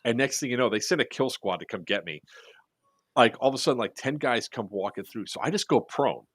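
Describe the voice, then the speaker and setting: Male storyteller for podcast chat, animated, acts out quotes, swears freely, mid-pitched, dry close sound. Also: a little fast, dry recording. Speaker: airsoft podcast speaker.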